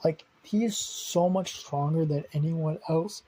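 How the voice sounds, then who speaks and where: A man's voice: a little high, measured pace, dark tone, slightly rough, dry recording, rough recording. A young man improvising a fan story aloud, rambling with fillers, restarts and casual swearing.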